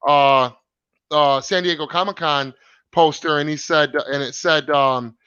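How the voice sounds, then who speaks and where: Male host on a live stream: a bright, dry, lo-fi voice, rambling with lots of fillers. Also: a little high, steady tone, unhurried, smooth, no room sound. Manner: rambling, many fillers and restarts. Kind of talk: casual chat reading comments.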